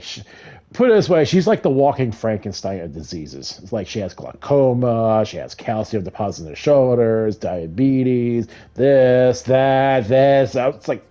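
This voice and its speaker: Profane middle-aged man ranting, lively pitch. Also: slow pace. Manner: profane, heated storytelling with frequent laughs. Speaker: gamer. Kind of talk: casual rant while gaming.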